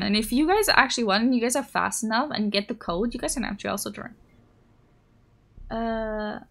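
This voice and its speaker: A woman live streaming as she plays a game, chatting casually with viewers, excitable and giggly, squealing when startled. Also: mid-range voice, vocal fry.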